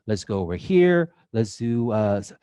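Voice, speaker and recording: Man, Mexican accent, casual workshop talk, jokey, lots of uhs, deep-ish voice. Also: sing-song, moderate pace, dark tone, smooth, dry recording. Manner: chatty and joking, with many filler uhs. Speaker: design lead giving a live drawing workshop. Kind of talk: casual live demo talk to an audience. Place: event hall with an audience.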